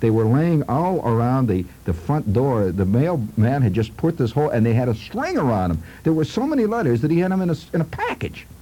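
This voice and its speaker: A man's voice: mid-range voice, big pitch swings, fairly quick, few pauses, mellow, breathy edge, low-quality recording. A man telling a humorous childhood story in a rambling, conversational way with asides to his listeners.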